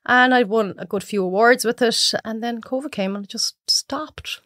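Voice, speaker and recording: Irish woman, 30s, lively storyteller who mimics others, dry close mic. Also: moderate pace, dry recording. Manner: animated storyteller acting out clients in high voices. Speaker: podcast guest. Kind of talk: casual chat.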